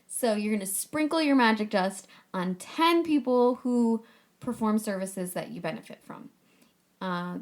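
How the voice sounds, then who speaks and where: A woman hosting a casual solo podcast, talking in a chatty, upbeat and playful way with casual swearing. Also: mid-range voice. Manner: playful, breezy. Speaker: podcast host.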